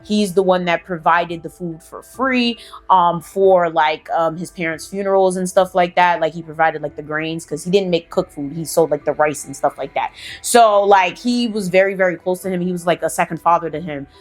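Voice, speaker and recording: A woman's voice: fairly low pitch, normal speed, faint music behind. Woman host telling a folklore story, loose and chatty, peppered with "like" and "okay?". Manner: chatty, profane, lots of fillers like "like" and "okay?". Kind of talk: casual storytime narration.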